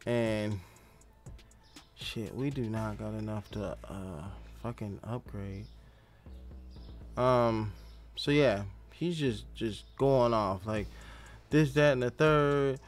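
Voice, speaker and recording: A man's voice: on the low side, slow, pauses often, faint music behind. Man chatting over a game. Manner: chatty, profane, rambling storyteller. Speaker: gaming channel host. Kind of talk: casual gameplay commentary and storytelling.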